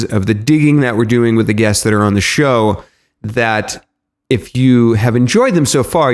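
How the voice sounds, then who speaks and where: A man hosting a podcast, introducing the episode in a chatty, loose way with some fillers. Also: medium pitch. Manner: chatty, self-correcting, with filler ums. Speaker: podcast host.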